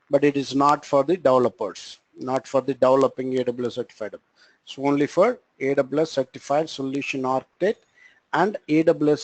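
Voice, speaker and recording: A man's voice: a little high, a little mellow, no echo, low-quality recording. Indian man teaching a cloud computing class. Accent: Indian English. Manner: halting, frequent fillers and restarts. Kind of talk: live online training lecture.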